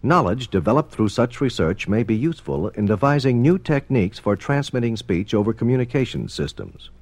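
A man narrating a formal documentary in a measured, explanatory manner. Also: mid-range voice, no echo. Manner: measured, explanatory, expressive intonation.

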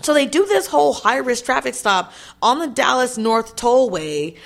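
A woman's voice: fairly high pitch, lively intonation, moderate pace, vocal fry. A woman vlogger giving casual commentary on a news story, talking straight to her viewers in a blunt, indignant way with plenty of swearing. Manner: chatty, addresses viewers directly.

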